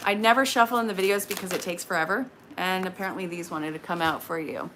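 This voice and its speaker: A woman in her late thirties giving casual tarot readings on a live stream, chatty and frank with quick asides. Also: medium pitch, fairly bright tone, slight background noise. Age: 30s.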